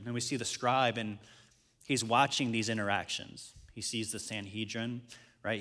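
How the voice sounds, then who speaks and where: A man's voice: medium pitch, big-room sound. A man in his thirties, a pastor preaching a sermon and working through scripture points with a personal story. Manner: storytelling, rising to excited peaks.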